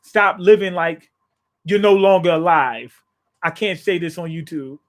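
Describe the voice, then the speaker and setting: Slow, rambling high-voiced man. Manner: rambling, full of fillers and restarts, jokey asides. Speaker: manga reaction channel host. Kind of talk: casual live reading reaction.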